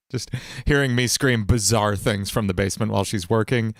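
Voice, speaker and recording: A man's voice: lowish voice, normal speed, dry recording. A man streaming casually from his home basement studio as he writes music, joking, laughing often and mocking himself. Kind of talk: casual livestream chat.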